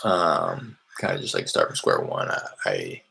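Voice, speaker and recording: A man with a very deep, gravelly voice talks through his cold-calling method in a relaxed, chatty way, full of fillers and restarts. His tone stays bright and clear on top of the low rumble. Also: measured pace. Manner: loose and conversational, many fillers and restarts. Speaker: real estate wholesaler teaching cold calling. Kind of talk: casual explanatory tutorial. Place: small hot indoor room.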